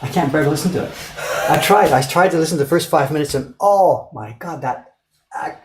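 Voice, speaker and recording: Guy chatting fast n animated, echoey room w/ some faint noise. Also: a little high. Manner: animated storytelling, lots of fillers. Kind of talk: casual chat.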